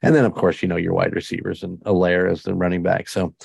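A man's voice: sits low, level tone, quick pace, vocal fry, a little mellow, breathy edge, dry recording. A man hosting a podcast in casual chat, enthusiastic and rambling. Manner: enthusiastic, rambling, many restarts. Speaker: podcast host.

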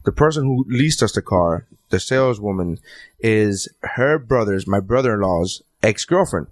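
A man's voice: fairly low pitch, expressive, moderate pace, no echo. A young man in casual chat, telling a long story in a rambling way, swearing often and restarting his sentences.

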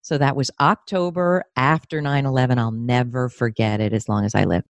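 A woman's voice: fairly quick, dry recording. A woman in her fifties from New York State, a therapist and career coach, talking candidly and with feeling in an interview. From New York State, USA. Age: 50s. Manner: emotional, expressive, pitch rises when moved.

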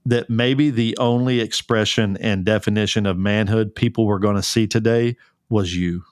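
On a casual conversational podcast, a male co-host speaks earnestly and fervently, full of restarts and fillers. His voice is low, steady, clear and resonant at a moderate pace, recorded at studio quality with no room sound.

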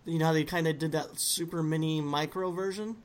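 A man's voice: a little high, steady tone, a little fast. Easygoing man hosting a toy podcast. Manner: laughing, playful. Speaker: podcast host. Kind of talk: casual chat.

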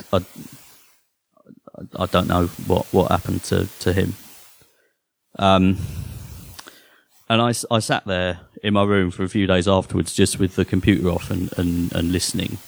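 A man performing a first-person horror story live on a theatre stage, halting and often repeating his words. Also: on the low side, creaky, dry recording.

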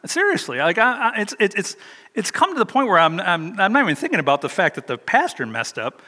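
A man's voice: sits high, very animated, brisk, pushed and bright, in a large hall. An older man preaching a sermon, telling a personal story in a chatty, self-deprecating way. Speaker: pastor.

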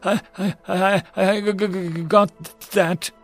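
A man's voice: medium pitch, moderate pace, a bit bright, soft background music, close to an everyday voice. A man voicing a stuttering male tank crewman in an audiobook. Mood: stammering, apologetic. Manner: heavy stutter. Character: male crew member Bouncy, stammering.

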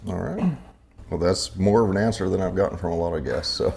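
A man's voice: deep voice, brisk, vocal fry, darkish tone. A man from Idaho hosting a podcast, chatting casually and telling jokey stories with frequent laughter. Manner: joking storyteller, laughs often. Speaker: podcast host. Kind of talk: casual chat.

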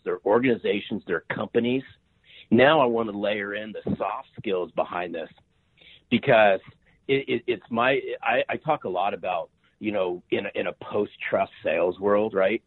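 With a fairly low voice on a dry recording that sounds like a tinny phone line, a sales author in his fifties gives an energetic podcast interview. He stresses his points, repeats words, and keeps asking "right?"

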